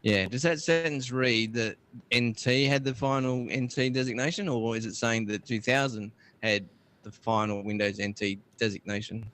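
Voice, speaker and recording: Easygoing young man with mid pitch. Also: normal speed, fairly bright tone. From Australia. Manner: easygoing, filler-heavy, reads dates carefully. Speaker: podcast co-host. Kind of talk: casual chat, reading notes.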